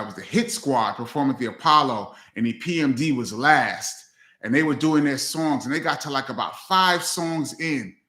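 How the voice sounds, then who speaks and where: A man hosting a live Q&A chat as a DJ, telling stories casually and acting out other people's lines. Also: bright, forceful tone. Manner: loose storyteller, acts out friends' lines with big pitch jumps. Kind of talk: casual storytelling livestream. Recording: roomy echo.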